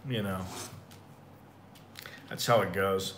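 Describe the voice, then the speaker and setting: Rambling American guy, bright voice. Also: low-pitched, steady tone, takes it slowly, slight background noise. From United States. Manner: rambling, profane storytelling. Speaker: expat vlogger. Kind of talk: casual livestream chat.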